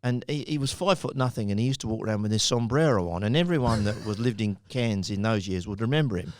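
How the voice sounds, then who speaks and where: A man's voice: lowish voice, fast, no room sound, studio quality. Man in his sixties, rambling storyteller. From United Kingdom. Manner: rambling, anecdotal, chuckles often. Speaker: podcast guest, company founder. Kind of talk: casual storytelling.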